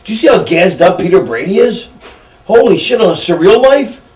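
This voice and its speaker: Animated, high-voiced man swearing through stories. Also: a little fast, echoey room, distant mic. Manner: profane, animated storyteller. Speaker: pro wrestler. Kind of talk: shoot interview, casual storytelling.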